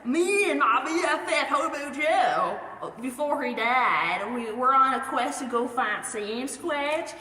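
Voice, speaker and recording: A twangy, hollering hillbilly trucker, as a woman acts him out, dim and cheerful, drawling slowly. The room around him rings with echo. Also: sits high, expressive, bright, forceful tone, distant mic, a little hiss or hum, full character voice. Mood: folksy. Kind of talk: comedic fan cartoon voice acting. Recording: roomy echoing room.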